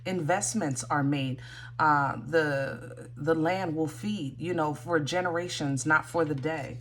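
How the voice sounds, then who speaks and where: A woman's voice: deep voice, takes it slowly, slight background noise. A woman giving a casual tarot reading, thinking aloud with many fillers and restarts. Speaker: tarot reader.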